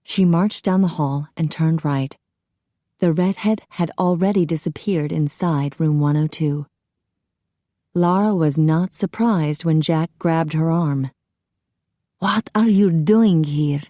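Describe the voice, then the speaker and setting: A woman narrating a romance audiobook in a measured storytelling manner, on a close studio mic. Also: deep voice, dark tone, no echo. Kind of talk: scripted narration.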